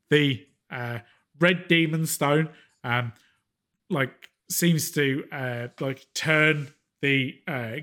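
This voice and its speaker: A man narrating and running a tabletop game as game master, with many fillers and pauses. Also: medium pitch, fairly bright tone.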